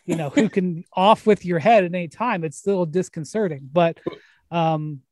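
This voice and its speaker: High-voiced rambling man, dry sound. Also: moderate pace, darkish tone, no echo. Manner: rambling storyteller, frequent restarts and laughs. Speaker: podcast host. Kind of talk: casual sports chat.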